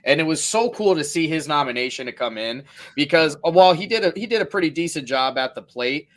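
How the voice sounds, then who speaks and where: A man hosting a casual high school sports talk show, enthusiastic and quick to laugh. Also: expressive, fairly bright tone.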